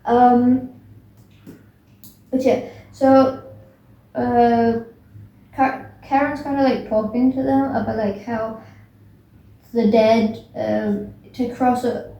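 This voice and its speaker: A woman's voice: on the high side, fairly even intonation, slow pace, long pauses, lo-fi sound. A young woman casually retelling a book's plot, rambling with many fillers and restarts. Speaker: book recap vlogger. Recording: echoey room, voice from a distance.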